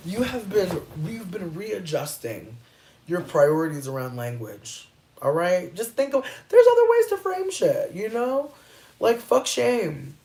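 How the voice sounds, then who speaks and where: A woman in her thirties chatting casually on a livestream and answering chat, playful and profane, with drawn-out emphasis. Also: fairly low pitch, very animated, warm tone, slight background noise. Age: 30s.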